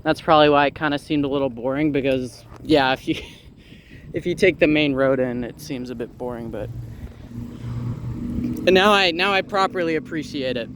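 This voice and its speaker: A man with a slightly high voice narrates his bike ride outdoors, rambling along with dry little asides and lots of "uh"s. He speaks into a camera mounted on the bike. Faint street noise hums in the background. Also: normal speed, long pauses. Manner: rambling, wry asides, frequent "uh". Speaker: transit vlogger. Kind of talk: casual narration while cycling.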